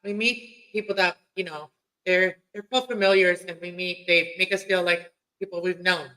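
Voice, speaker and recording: A man from Mexico hosts a relaxed late-night stream, rambling from one topic to the next and laughing easily. His voice is bright and crisp, with a smooth, resonant clarity. It sits slightly higher than most men's. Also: moderate pace, rough recording. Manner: chatty, laughs easily, drifts between topics.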